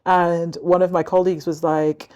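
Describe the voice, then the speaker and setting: A woman's voice: fairly low pitch, level tone, normal speed, mellow, clean tone, lo-fi sound. A young woman with a Northern Irish accent hosting a casual chat, talking in a rambling, reflective way with lots of fillers. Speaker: host.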